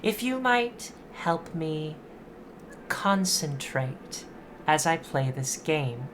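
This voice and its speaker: A woman voicing a gracious grown witch who hosts a game, speaking politely and in a measured way. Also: low voice, very animated, slight background noise, full character voice. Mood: courteous. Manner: polite, measured, soft-spoken.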